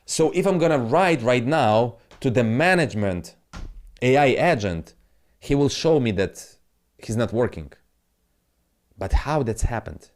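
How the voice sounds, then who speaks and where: This man's mid-range voice is animated and unhurried as he goes over crypto charts casually as a trading analyst. He speaks non-native English, rambling, muttering to himself, and swearing occasionally.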